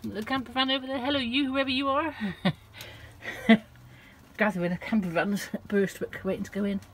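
A woman's voice: on the high side, brisk. Chatty woman vlogging outdoors. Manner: chatty, breaks into fond baby talk to her cat. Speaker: van-life vlogger. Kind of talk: casual vlog chat to camera. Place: outdoors at a campsite field. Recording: outdoor background noise.

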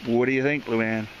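A man's voice: dull audio, noisy background. A man vlogging casually outdoors on a walk, playfully cooing and calling to his dog. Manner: playful, coos and calls to his dog in a high voice.

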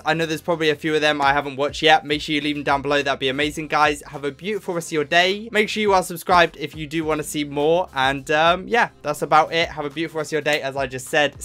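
A man talks casually to his viewers while he reacts to a clip, upbeat and full of filler "likes". His voice is bright and a touch high for a man. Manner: chatty and upbeat, says "like" often. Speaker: reaction video host.

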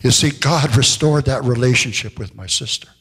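A man pastor preaching a sermon, telling stories and slowing down to stress key phrases. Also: fairly bright tone, breathy edge. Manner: storytelling preacher, rises in pitch for quoted voices, slows for emphasis. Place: church sanctuary. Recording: long church hall reverb.

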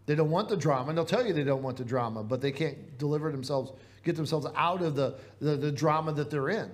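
A man's voice: on the high side, fast talker. A man with a Midwestern American accent preaching a sermon in a church, earnest and conversational, asking the congregation rhetorical questions. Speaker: pastor.

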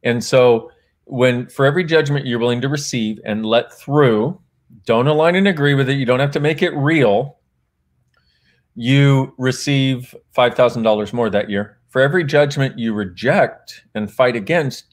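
This author, a guest in the conversation, speaks at medium pitch and a normal pace. His talk is casual and rambling, full of laughter, reenacted dialogue and self-corrections.

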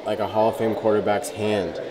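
A man vlogging with a handheld camera as he walks a museum hall, gushing with excitement. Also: lowish voice, fairly quick, a crowd in the background. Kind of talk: casual vlog commentary. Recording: noisy background.

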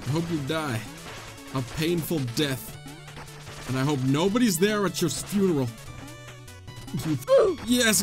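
A young man commenting on his own game playthrough, excitable and dramatic, with jokey yelps and groans. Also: on the high side. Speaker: gaming channel host. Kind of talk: let's play commentary.

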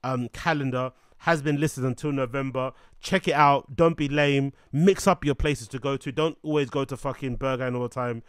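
Swearing host with a smooth voice. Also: male voice, mid-range voice, moderate pace, few pauses, no echo, studio quality. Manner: animated, swearing, joking. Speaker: show host. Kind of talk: casual commentary.

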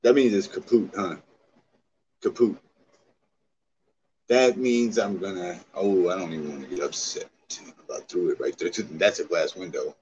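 Brief: man, very low voice, excitable profane streamer bantering with chat, dull lo-fi audio with faint hiss. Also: normal speed, long pauses. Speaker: livestreamer. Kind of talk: casual livestream chat.

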